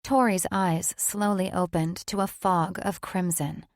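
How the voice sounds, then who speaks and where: A woman reading a fantasy romance audiobook in a steady, even narration. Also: fairly low pitch, unhurried, no echo, clean studio sound. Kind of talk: scripted narration.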